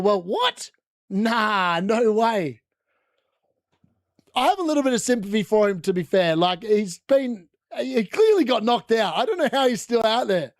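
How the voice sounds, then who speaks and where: A man hosting a casual live football watchalong, excitable and shouting when goals go in. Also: high-pitched, no echo, clean studio sound. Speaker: watchalong host. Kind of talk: casual live match commentary.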